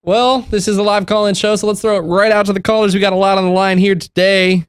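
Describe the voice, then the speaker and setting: A man hosting a live call-in show, talking quickly and casually with frequent restarts and laughter. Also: high-pitched, flat delivery, clear, resonant tone, dry recording, clean studio sound. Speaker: host.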